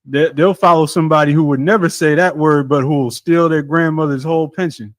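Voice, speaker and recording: A man in a scripture class reads a verse aloud in a somewhat high voice, slow and deliberate. Between readings he adds brief words of agreement. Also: fairly even intonation, no echo.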